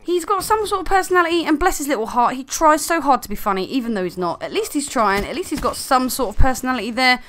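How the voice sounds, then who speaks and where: A woman's voice: sits high, lively intonation, fast, hardly any pauses, fairly bright tone, a little hiss or hum. A woman ranting in an angry, sarcastic commentary video full of swearing.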